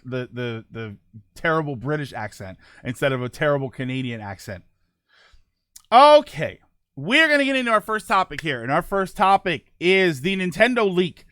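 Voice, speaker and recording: A man with a high, animated voice hosts a casual live stream and talks straight to his viewers. He rambles and corrects himself as he goes. The sound is dry and close, with no room around it. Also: clear, resonant tone, no room sound. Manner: rambling, self-correcting, reads chat aloud. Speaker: livestream host.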